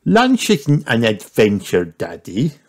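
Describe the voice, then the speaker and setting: A man's voice: mid-range voice, huge pitch swings, takes it slowly, a little mellow, voice pushed up, heavily acted. A man voicing a cheerful little girl piglet in a storybook read-aloud, with an eager, chirpy, questioning manner. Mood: complaining.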